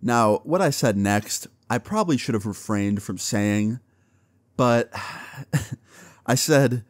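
Young male vlogger, storytime, animated delivery with lively pitch, dry close sound. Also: takes it slowly, pauses often, no room sound. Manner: animated, acts out dialogue, swears casually. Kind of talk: casual storytelling.

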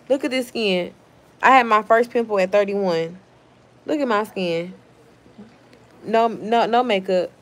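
A woman's voice: mid-range voice, measured pace, long pauses. A woman in her thirties hosting a live stream, reading out viewer comments in a blunt, heated, profane way.

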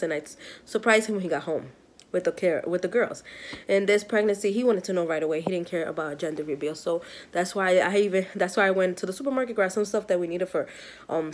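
A pregnant woman in her thirties from New York, chatting excitedly to camera in a rambling, giggly way. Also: lowish voice, slight background noise. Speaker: vlogger, mother of five. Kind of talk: casual vlog chat to camera.

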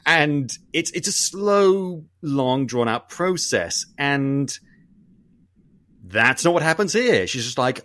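A man, co-hosting a podcast and talking through a film review in a long-winded, animated way, swearing casually. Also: medium pitch, measured pace, no room sound. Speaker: podcast co-host.

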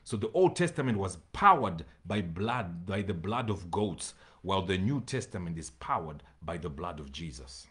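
A man preaching a sermon to his congregation, reading scripture slowly and repeating phrases for emphasis, sometimes pleading with his listeners. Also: sits low, sing-song, a bit bright. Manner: addresses congregation directly, pleading. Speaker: pastor.

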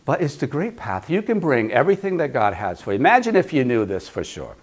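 A man's voice: medium pitch, very animated, a little fast. Conversational man preaching a sermon. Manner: conversational, playful, repeats phrases. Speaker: pastor.

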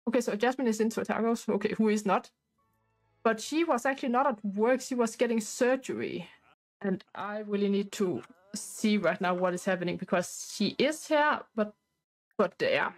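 A woman's voice: medium pitch, moderate pace, rough recording. A woman casually narrating a life-sim game and restarting her sentences as she thinks aloud. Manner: rambling, restarting mid-sentence. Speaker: gameplay narrator.

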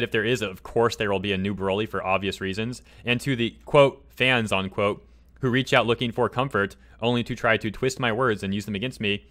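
A man's voice: medium pitch, pushed and bright. A man hosting a commentary vlog, ranting heatedly and repeating his points for emphasis. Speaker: commentary channel host.

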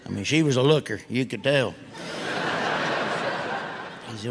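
A middle-aged man doing a stand-up routine in a folksy, deadpan storytelling drawl. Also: medium pitch, a little slow, pauses often. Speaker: stand-up comedian. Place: comedy stage before a live audience. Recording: live stage recording with room noise.

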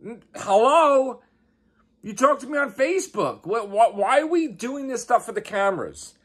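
A man's voice: extremely high pitch, sing-song, fairly quick, breathy edge. A man who hosts a YouTube channel and podcast, giving an exasperated, profane rant and repeating his questions. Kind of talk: angry ranting vlog.

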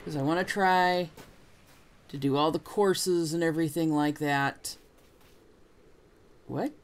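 A man's voice: a little high, steady tone, takes it slowly, slight background noise. A man hosting a casual let's play, chatting about the game in a self-deprecating way. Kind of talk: casual gameplay commentary.

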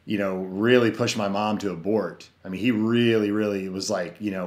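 A man with a fairly low voice shares his personal testimony in casual conversation. He is earnest and rambling, leans on "you know," and often restarts his sentences. The room adds a noticeable echo. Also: steady tone, moderate pace, hardly any pauses. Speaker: podcast guest. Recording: roomy echo.

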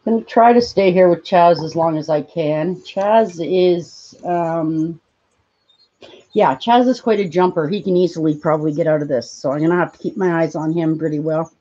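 A woman hosting a casual live stream, cooing at her pet in high baby talk between plain explanations. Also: moderate pace, warm tone, muffled recording.

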